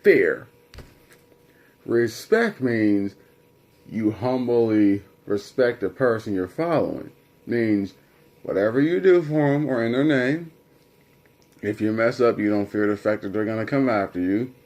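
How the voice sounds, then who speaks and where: A man's voice: fairly low pitch, unhurried, long pauses, darkish tone. A young man vlogging, telling a personal story in a rambling, conversational way. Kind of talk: casual storytelling to camera.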